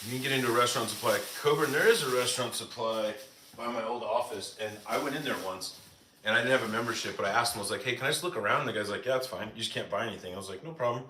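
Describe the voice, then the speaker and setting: A man from the United States chats casually on a live stream, reading out viewer comments. His voice is bright and forward, and he leans on lots of "like" fillers. The room is echoey, with a faint hum of noise behind him. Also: medium pitch, rapid-fire. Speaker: live-stream cooking host.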